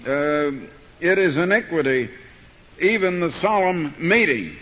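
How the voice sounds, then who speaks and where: Older-sounding preacher in a reverberant hall. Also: male voice, fairly high pitch, animated, measured pace. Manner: rising to forceful emphasis when quoting scripture. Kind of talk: sermon. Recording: dull archival recording in a hall.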